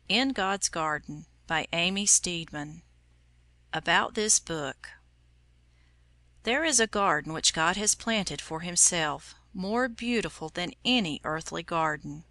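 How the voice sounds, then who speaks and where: Bright-voiced woman reading calmly. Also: lowish voice, no room sound. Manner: calm, reverent reading. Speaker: audiobook reader. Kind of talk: scripted narration.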